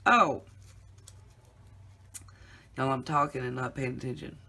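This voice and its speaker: Gravelly, slow-talking chatty woman. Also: rumbling low, expressive, pushed and bright. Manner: chatty, rambling, laughs often, addresses viewers as y'all. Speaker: craft vlogger. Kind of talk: casual storytelling to viewers.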